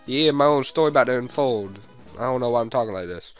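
A man's voice: mid-range voice, quick pace, soft background music. A young man rambling playfully as he comments on a video game he is playing. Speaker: let's play host. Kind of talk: let's play commentary.

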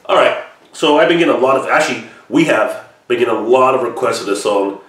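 Swearing reaction-channel dude, mid voice, echoey room, sits back from the mic. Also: male voice, medium pitch, animated, quick pace, fairly bright tone. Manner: profane, rambling, upbeat. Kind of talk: casual reaction commentary. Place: alone in a room. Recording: roomy echo, mic at a distance.

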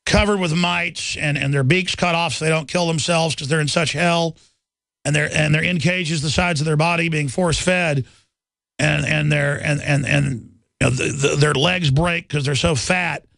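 A man's voice: a little high, fairly even intonation, moderate pace, creaky, a bit bright, no room sound. A middle-aged man hosting a radio talk show, delivering an indignant, rambling monologue full of repeated words and restarts.

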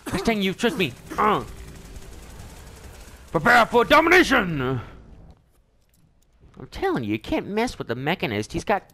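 A man giving let's play commentary, excitable, often shrieking and laughing as he talks to the game. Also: high-pitched, measured pace, pauses often. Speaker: gamer.

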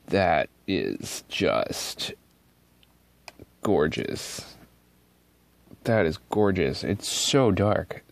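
A man hosting an ink swatching video, talking casually and excitably at his desk, swearing freely and switching between loud outbursts and muttered asides. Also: lowish voice, vocal fry, no room sound. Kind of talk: casual narration while swatching inks. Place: at a desk indoors.

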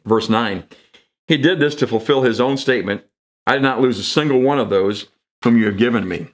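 Guy pastor preaching sunday sermon, chatty, mid pitch, does little voices for the bible folks. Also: a little fast. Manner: conversational, jumps into quoted voices for emphasis. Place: church sanctuary.

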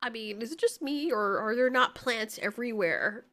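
A woman recapping an animated film in a casual, sarcastic, joking commentary. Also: a little high, moderate pace, loud music behind the voice. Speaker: video reviewer.

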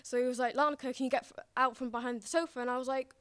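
A woman's voice: high-pitched, steady tone, fast, few pauses, clear, resonant tone. A young woman telling a personal story on stage, giggling often between phrases. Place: stage before a live audience.

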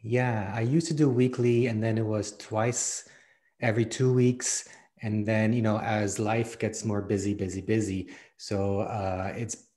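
A man's voice: lowish voice, fairly even intonation, measured pace, mellow. A man from Canada, a guest in a casual interview, talking in an easygoing way and laughing often. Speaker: podcast host, guest.

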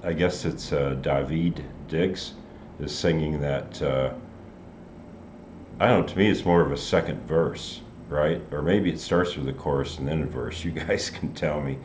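Older male reaction host, very low voice, relaxed and searching, roomy room, faint music under. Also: a little hiss or hum. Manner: unhurried and musing, pausing to search for words. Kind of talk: casual reaction commentary.

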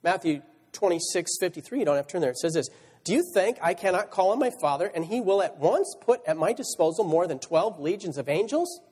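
High, lively preaching man in a church hall. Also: brisk, husky. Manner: rhetorical questions, reads scripture aloud. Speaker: pastor. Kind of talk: sermon. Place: church sanctuary.

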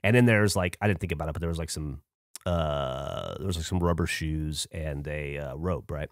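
A man co-hosting a podcast, telling a long story in casual chat with lively, animated delivery and free swearing. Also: very deep voice, normal speed, no echo, studio quality. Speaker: podcast co-host.

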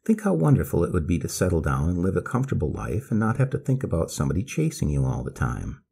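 A man's voice: deep voice, wildly swooping pitch, fast talker, creaky, warm tone, breathy edge, exaggerated voice. A man voicing a fussy, pleading elderly grandmother, anxious in manner.

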